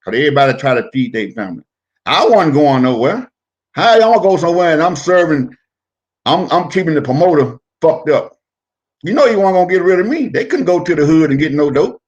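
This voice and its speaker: A middle-aged former wrestler telling stories in a casual interview, profane and animated, acting out the voices of the people in them. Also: male voice, fairly high pitch, fairly quick, lo-fi sound. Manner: profane, animated storyteller who acts out quotes.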